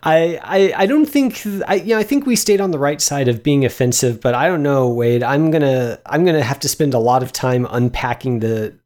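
A man's voice: mid-range voice, normal speed, few pauses, a little mellow. A man co-hosting a film podcast, rambling in self-mocking jokes with stumbling restarts. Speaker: podcast co-host. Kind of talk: casual podcast banter.

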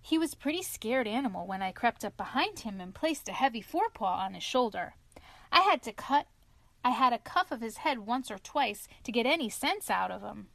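A woman reading aloud, voicing a cheerful, hearty male otter in a storybook, talking in a brisk lively way. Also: a little high, gravelly, no room sound, full character voice. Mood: storytelling.

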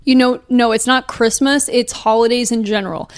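A young woman talking casually on a home podcast. Her voice sits a little high and the recording is dry and close, with no room sound. She rambles in an upbeat, chatty way. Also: fairly even intonation, moderate pace, dry recording. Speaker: podcast co-host, professional dancer. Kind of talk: casual chat.

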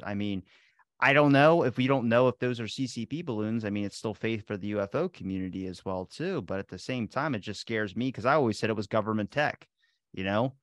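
Male podcast host, lowish voice, dry close sound, loose rambling talker. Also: dry recording. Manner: rambling, jumps between tangents. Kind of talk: casual conversational interview.

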